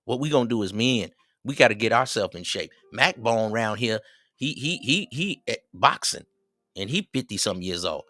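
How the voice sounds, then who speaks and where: A middle-aged man, hosting a livestream and giving preachy, animated advice to his viewers. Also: fairly low pitch, normal speed. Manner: preachy, animated, quotes others in raised voices. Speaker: livestream host. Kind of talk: casual advice talk to viewers.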